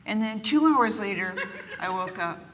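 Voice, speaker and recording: A woman's voice: medium pitch, moderate pace, a little hiss or hum. An older woman speaking candidly in an interview, telling self-mocking stories and acting out what people say, before a live group. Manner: animated, self-mocking, acts out quotes. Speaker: guest author. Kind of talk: candid conversational storytelling. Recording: distant reverberant room, faint ambience.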